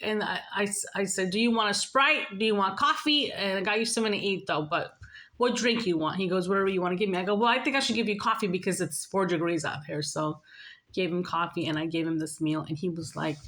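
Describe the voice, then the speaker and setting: A woman's voice: fairly low pitch, fairly even intonation, fast. A woman talking casually and earnestly to her viewers about faith and helping others, chatty and repeating herself. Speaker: spiritual vlogger. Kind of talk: casual spiritual talk to viewers.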